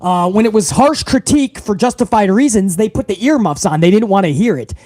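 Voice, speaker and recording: A man hosting a live wrestling talk stream, ranting loudly and swearing freely. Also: sits high, animated, fairly quick, no echo. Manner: brash, loud, swearing. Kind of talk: profane live-stream rant.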